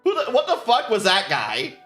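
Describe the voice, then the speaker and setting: A man's voice: high voice, wildly swooping pitch, normal speed, a bit bright, reverberant, soft background music. A man streaming casually, rambling and swearing with frequent laughter. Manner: rambling, profane, laughs often. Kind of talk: casual chat while painting.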